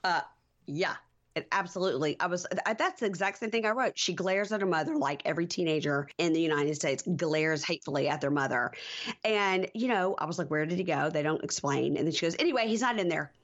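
A woman's voice: low voice, fairly quick. A woman in her forties co-hosting a podcast, casually retelling TV scenes and acting out the quotes. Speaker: podcast co-host. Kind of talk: casual TV recap chat. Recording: dull lo-fi audio.

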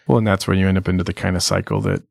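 A man's voice: deep voice, big pitch swings, rapid-fire, vocal fry, a little mellow, no room sound, studio quality. A man co-hosting a casual Christian podcast, offering short agreeing replies and easy laughs. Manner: brief affirming interjections, easy laughter. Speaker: podcast co-host.

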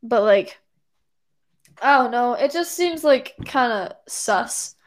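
A woman's voice: a little high, expressive, slow. A woman telling a story in casual chat, rambling and full of "like" and "anyways".

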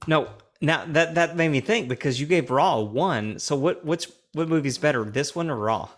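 A man's voice: fairly high pitch, moderate pace. A young man co-hosting a podcast, tipsy, rambling and swearing as he reads a plot synopsis and laughs often. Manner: rambling, profane, laughs often, restarts sentences. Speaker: podcast co-host. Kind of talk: casual chat, reading a synopsis.

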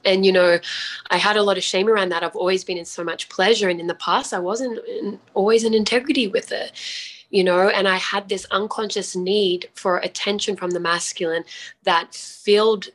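A woman's voice: medium pitch, steady tone, moderate pace, a bit bright. An Australian woman, a podcast guest, telling personal stories in an earnest, open way during a casual chat.

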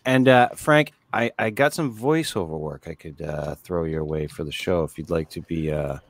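A man's voice: rumbling low, moderate pace, no room sound. A man co-hosting a casual podcast, joking and rambling through his stories. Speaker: podcast co-host. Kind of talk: casual chat.

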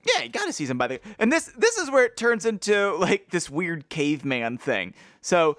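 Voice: mid-range voice, very animated, moderate pace, few pauses, a bit bright, no room sound. A playful podcast co-host reads passages from a book and jokes about them. The voice swoops all over its range, and the recording is dry and close, with no room sound. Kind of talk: casual book-discussion chat.

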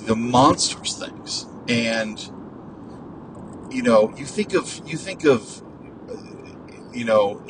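A man talks alone in an unhurried, meandering way, full of ums, false starts and the odd curse word. He is casual and chatty, like a host thinking aloud. A faint low rumble runs behind the voice. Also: expressive. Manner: digressive, many fillers and restarts, casual swearing. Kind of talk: rambling solo commentary.

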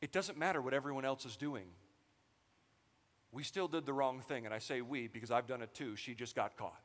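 A man preaching a sermon as pastor, animated and joking as he tells stories to the congregation. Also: medium pitch, fairly quick, in a large hall.

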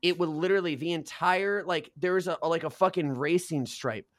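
A man's voice: a little high, normal speed, crowd noise. A young adult man casually telling college stories as a podcast co-host, swearing constantly and peppering his talk with slang. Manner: profane, slangy, says dude and bro constantly. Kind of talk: casual storytelling.

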